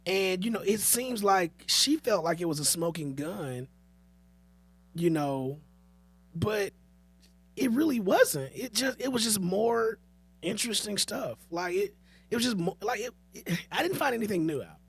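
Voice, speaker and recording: Husky-voiced man telling stories animatedly. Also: high-pitched. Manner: animated storyteller, quick repeated restarts. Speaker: podcast co-host. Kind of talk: casual chat, reading quotes aloud.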